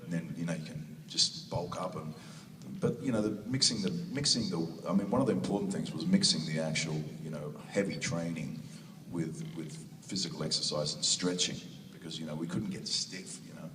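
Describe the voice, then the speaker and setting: A man's voice: low voice, fairly quick, fairly bright tone, a little hiss or hum. A man with a New Zealand accent answering fan questions at a convention panel, rambling through laughing anecdotes with many restarts. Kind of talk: casual storytelling Q&A answer. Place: large convention hall. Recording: echoey hall recorded from far off.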